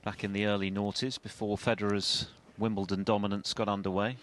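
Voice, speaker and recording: Male pundit, slightly low voice, dry wit, faint background ambience. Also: little pitch movement, brisk, a bit bright, a little hiss or hum. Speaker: tennis pundit. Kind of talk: live sports broadcast chat.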